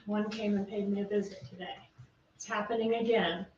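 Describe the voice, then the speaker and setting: A woman prosecutor giving a closing argument to a jury, pressing her points with rapid rhetorical questions, heard through a distant courtroom feed. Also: medium pitch, steady tone. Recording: roomy, distant, muffled courtroom feed with faint hiss.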